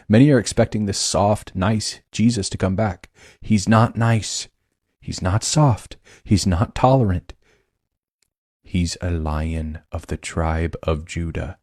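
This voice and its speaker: A man giving a personal testimony in a forceful, declarative way. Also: low voice, no room sound, clean studio sound.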